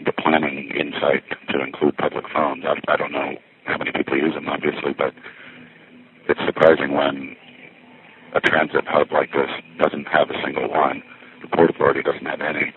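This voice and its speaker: A man's voice: rumbling low, completely flat delivery, moderate pace. A man, a little winded, rambling wryly as he walks through a busy ferry terminal. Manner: wry, chatty, thinking aloud. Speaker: payphone vlogger. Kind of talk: rambling first-person walkthrough. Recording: tinny lo-fi with faint background noise.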